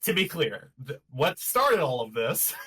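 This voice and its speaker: A man's voice: a little high, big pitch swings, unhurried, sharp tone, slight background noise. A man running a tabletop game as game master, explaining the rules patiently with frequent restarts.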